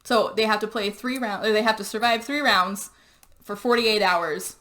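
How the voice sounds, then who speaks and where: A woman hosting a podcast, casually retelling a movie plot with lots of "like" and quick quoted character voices. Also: medium pitch, pushed and bright. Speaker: podcast host. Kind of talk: casual movie recap chat.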